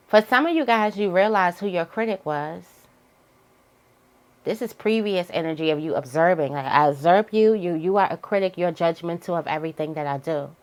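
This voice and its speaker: A woman giving a casual, candid tarot reading, now and then jumping into high voices to quote people. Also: lively intonation, moderate pace. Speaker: tarot reader.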